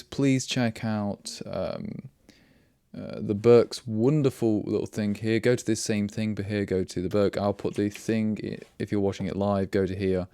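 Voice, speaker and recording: In studio-quality audio with no echo, a man's fairly low, warm, clean-toned voice hosts a relaxed coding livestream. He rambles with wry asides and frequently breaks off mid-word before restarting.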